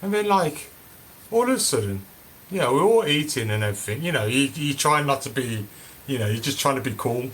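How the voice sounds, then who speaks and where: A man's voice: mid-range voice, a little fast, a little hiss or hum. Rambling man. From Birmingham, England. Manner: rambling, many fillers and restarts, excited. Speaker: cannabis seed breeder telling a story. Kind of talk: casual storytelling.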